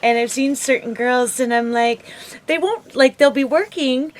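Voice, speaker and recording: A woman's voice: high-pitched, measured pace, slight background noise. A woman co-hosting a casual chat show, talking chattily with frequent giggles and "like" fillers. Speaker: co-host.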